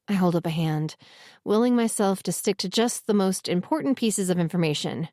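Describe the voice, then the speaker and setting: A woman narrating a first-person romance audiobook in a steady, earnest reading voice. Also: medium pitch, fairly quick, no echo, studio quality.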